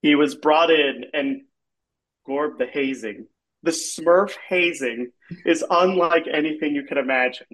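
A man's voice: on the high side, unhurried, a bit bright, rough recording. A man improvising an absurd comic story, rambling and leaning on filler words. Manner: rambling, heavy use of filler "like".

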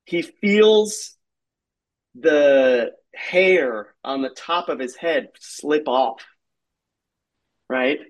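Slow, rambling male storyteller. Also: fairly high pitch, low-quality recording. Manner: rambling, heavy use of filler "like". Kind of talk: improvised comedic storytelling.

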